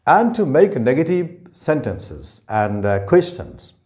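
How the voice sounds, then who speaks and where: A man's voice: medium pitch, huge pitch swings, slow, darkish tone. A man teaching an English grammar lesson, speaking carefully and repeating each example sentence. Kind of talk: slow explanatory lesson.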